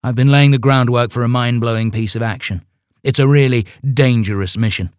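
A man voicing a bossy, pompous young male leader of a small satanic sect, ranting in a raised, loud voice. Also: mid-range voice, steady tone, brisk, no echo, clean studio sound, pitched above the performer's own voice, close to an everyday voice. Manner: grandiose, ranting.

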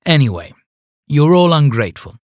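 A man putting on a pompous young cult leader with a raised, loud, ranting voice. He talks grandly and bosses his followers around in a dry, close reading. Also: fairly high pitch, big pitch swings, moderate pace, no room sound, voice pushed up. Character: pompous young male satanic sect leader, bossy.

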